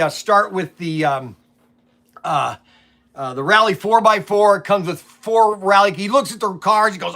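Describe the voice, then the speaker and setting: High, bright-voiced middle-aged shop owner. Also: male voice. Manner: rambling, repeats words, animated retelling of phone calls. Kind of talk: casual storytelling vlog. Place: toy and hobby shop.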